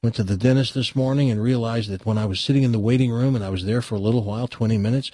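Husky-voiced man hosting radio talk. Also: medium pitch, very fast, dark tone, no echo. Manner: folksy storyteller, acts out quotes. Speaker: radio show host. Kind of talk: casual radio talk and joke telling. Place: radio studio.

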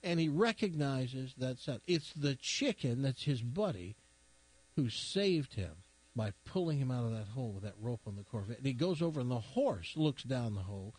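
A man's voice: mid-range voice, expressive, moderate pace, darkish tone, slightly rough. A man hosting a radio show who rambles through a long joke and mocks himself along the way. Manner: rambling, self-mocking storyteller. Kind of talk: morning radio banter and joke telling.

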